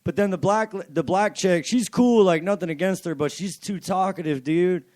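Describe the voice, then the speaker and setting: A man's voice: high voice, moderate pace, a little mellow, dry recording. Loose, swearing male podcast co-host. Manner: loose, profane, laughing often. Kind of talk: casual chat.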